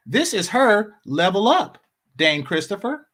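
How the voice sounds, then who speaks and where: A man's voice: fairly high pitch, lively intonation, a little slow, long pauses, pushed and bright. A man hosting a commentary channel, talking casually and sarcastically, repeating his points for emphasis.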